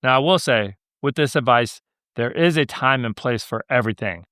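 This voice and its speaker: A man's voice: medium pitch, expressive, moderate pace, a bit bright, clear, resonant tone, no echo, clean studio sound. A young man hosting a podcast, telling stories in a laid-back, joking way. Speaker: podcast host. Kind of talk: casual storytelling monologue.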